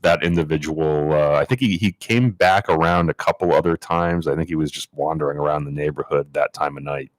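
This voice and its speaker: A man co-hosting a podcast, telling a story in casual chat and acting out the people in it with sudden high-pitched quotes. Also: brisk, few pauses, no echo. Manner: animated, acts out quotes in a high voice. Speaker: podcast co-host.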